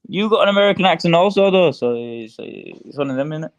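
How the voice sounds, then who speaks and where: British lad chatting, keeps asking stuff, muffled lo-fi mic. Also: male voice, a little high, expressive, fast. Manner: chatty, curious, asks lots of questions. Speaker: livestream guest. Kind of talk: casual chat. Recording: dull voice-chat audio.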